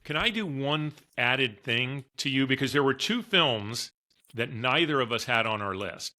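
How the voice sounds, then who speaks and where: A man's voice: mid-range voice, lively intonation, moderate pace, pushed and bright. A man co-hosting a sports podcast who gives candid, blunt opinions in casual chat. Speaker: podcast co-host.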